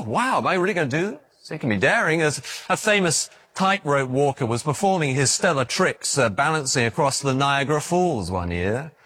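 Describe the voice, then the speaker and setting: Animated preacher man with a lively voice. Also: mid-range voice. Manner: animated storytelling with stammered restarts. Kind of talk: sermon.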